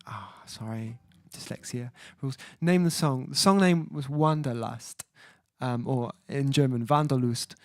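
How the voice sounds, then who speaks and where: A man's voice: medium pitch, unhurried, no room sound, studio quality. A man hosting his own music livestream, chatting casually and reading viewer comments aloud, hesitant with many fillers as he sounds out foreign words. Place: at home, indoors.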